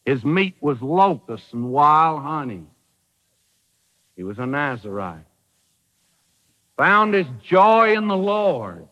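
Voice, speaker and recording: A man's voice: on the high side, sing-song, slow, long pauses, bright, forceful tone, in a large hall, low-quality recording. A man preaching a sermon, emphatic, with rhetorical questions and dry humor.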